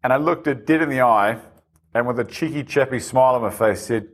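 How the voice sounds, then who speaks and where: A man, an animated and self-deprecating storyteller in casual conversation. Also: mid-range voice, fairly quick.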